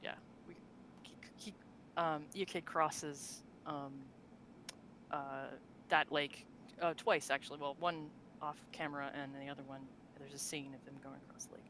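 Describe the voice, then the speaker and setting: A woman's voice: low-pitched, fairly even intonation, moderate pace, fairly bright tone, slight background noise, low-quality recording. Chatty woman with lots of um's. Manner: chatty, laughs often, many fillers and restarts. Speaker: podcast co-host. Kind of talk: casual chat about tabletop game lore.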